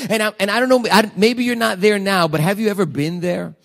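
A man delivering a sermon in a slightly high-pitched voice. He speaks fervently, leaning into scripture quotes with dramatic weight. He keeps turning to his listeners with pointed rhetorical questions. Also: normal speed, gravelly, hardly any pauses. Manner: preaching with dramatic shifts, quoting scripture emphatically; addresses congregation directly with rhetorical questions. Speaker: pastor.

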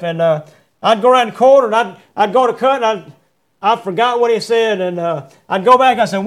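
A middle-aged man preaching a sermon, quoting scripture and repeating refrains, with folksy phrasing and many halting fillers. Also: high-pitched, a bit bright. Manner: preaching with Bible verse references and repeated refrains. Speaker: pastor.

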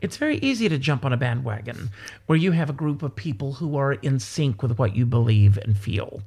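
Animated man telling stories. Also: medium pitch, fairly quick, vocal fry, breathy edge. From South Carolina. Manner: animated, rambling storyteller. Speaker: stage performer and guest. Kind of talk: casual interview chat.

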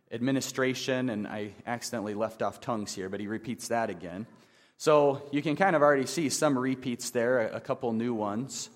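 Male pastor, 30s, easygoing humorous sermon, mid-pitched, long hall echo. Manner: conversational, self-deprecating humor.

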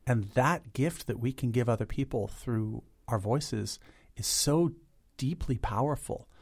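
A man in his fifties, a guest in an interview, talking in an animated, chatty way and imitating instruments with his voice. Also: mid-range voice, unhurried. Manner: chatty, many "like" fillers. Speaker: guest, a cappella arranger. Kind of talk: interview conversation.

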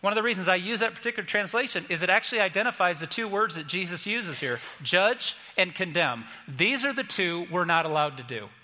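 Bright-voiced man preaching in a reverberant hall. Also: high-pitched, animated, fairly quick, few pauses. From Indiana, USA. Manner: earnest, emphatic preaching with repeated phrases. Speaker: pastor. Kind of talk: sermon. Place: church sanctuary.

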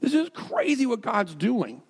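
A man preaching a sermon as pastor. He talks in an animated, self-deprecating, joking way, moving between stories and earnest prayer. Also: very high voice, measured pace, vocal fry, breathy edge.

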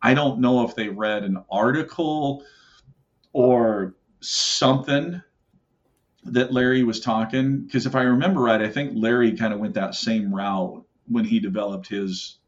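A man's voice: mid-range voice, a little slow. A middle-aged man telling hunting stories in a casual, rambling way, with many fillers and acted-out quotes. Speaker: podcast guest, elk call maker. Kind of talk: casual storytelling. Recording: muffled lo-fi audio.

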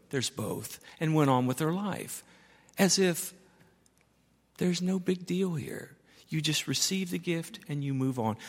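A man's voice: on the high side, a bit bright. An older man preaching a sermon as pastor, telling stories and repeating key words for emphasis. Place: church sanctuary. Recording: long reverb of a church.

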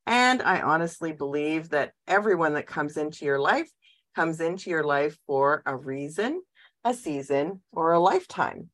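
A woman's voice: low-pitched, a bit bright. A woman hosting a casual podcast conversation, introducing her guest and asking questions with frequent fillers and restarts. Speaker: podcast host. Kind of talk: casual interview chat.

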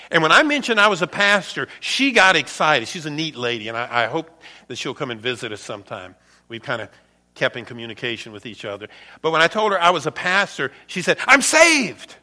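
A man preaching a sermon as pastor, earnest, rising for emphasis and dropping to quiet, low phrases. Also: animated, a little fast.

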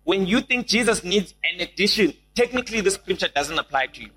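Young man, sermon to a small group, fairly high voice, builds and repeats. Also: fairly quick, husky, low-quality recording. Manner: animated, repeats key lines, rises to shouts. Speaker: preacher.

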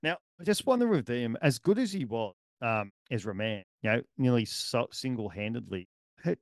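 A man's voice: mid-range voice, expressive, normal speed, no echo, studio quality. An Australian man co-hosting a casual sports podcast, rambling and chuckling as he trails off mid-thought. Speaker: podcast co-host.

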